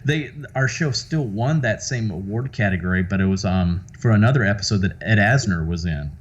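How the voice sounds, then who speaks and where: A man's voice: lowish voice, expressive, a little fast, slightly rough, muffled recording. A man from the American South with a light Southern accent, a guest actor chatting casually in an interview, rambling with lots of fillers and restarts.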